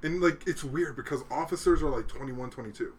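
A man's voice: on the high side, fairly quick, slight background noise. A man casually telling a profane, laid-back story among friends, acting out the people in it.

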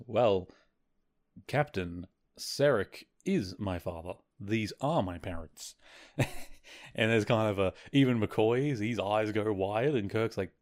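A man's voice: lowish voice, a little mellow. A man hosting a podcast alone, recapping an episode in a casual, rambling way, full of "like" and "you know" and amused asides. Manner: rambling, filler-heavy, amused. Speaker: podcast host.

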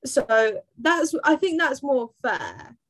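A woman's voice: sits high, sing-song, slow, a bit bright. Blunt, sweary woman. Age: 20s. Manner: blunt, grumpy humour, sweary. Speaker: guest. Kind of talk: casual chat.

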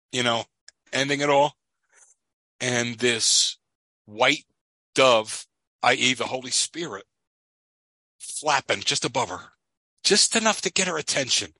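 Bright-voiced man with a Philly accent. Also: mid-range voice, no room sound, poor audio. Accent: Philadelphia. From Philadelphia area. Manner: earnest, animated storyteller. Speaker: podcast co-host. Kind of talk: casual chat.

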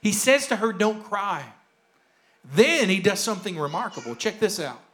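A male pastor preaching a sermon with earnest emphasis, repeating key phrases and sinking to a soft hush on tender lines. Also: high-pitched, sing-song, brisk. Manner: jokes lightly with the congregation.

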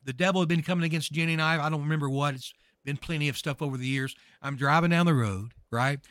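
A man speaking as a guest minister, preaching with fervor and building to emphatic shouts. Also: on the high side, fast, no echo, studio quality. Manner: emphatic, rises to shouting peaks. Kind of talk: fervent preaching talk.

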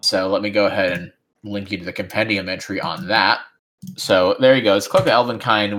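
Guy dm-ing a tabletop game, lowish voice, laid back and rambly. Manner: relaxed, rambling with frequent fillers. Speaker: game master.

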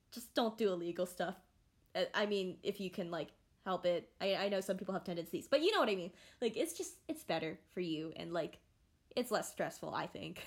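A young adult woman hosting a casual podcast, talking in a rambling, animated way with many fillers and restarts. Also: mid-range voice. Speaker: podcast host. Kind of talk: casual solo podcast chat.

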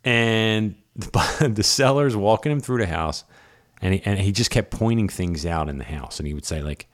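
Lower-voiced man telling stories animatedly. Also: moderate pace. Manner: animated storyteller who laughs at his own anecdotes. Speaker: podcast co-host, real estate agent. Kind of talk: casual chat.

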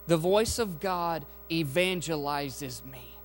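A pastor preaching a sermon to his congregation. He is a man with a high voice and an emphatic, rousing delivery, and he often asks his listeners for an amen. Faint music and a low mains hum sit behind his voice. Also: measured pace. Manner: emphatic preaching with call-and-response asides. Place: church sanctuary.

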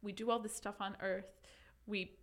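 A woman's voice: medium pitch, flat delivery, normal speed, fairly bright tone. A young woman co-hosting a casual chat podcast, rambling and giggly, reading a Reddit post aloud. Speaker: podcast co-host.

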